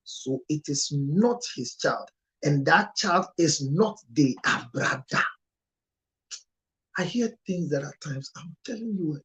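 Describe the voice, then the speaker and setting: A male marriage counselor delivers an emotional monologue, his pitch and volume leaping upward in sudden bursts. He sounds close to tears at times. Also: animated, slow. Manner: emotional, with sharp rises in pitch and loudness.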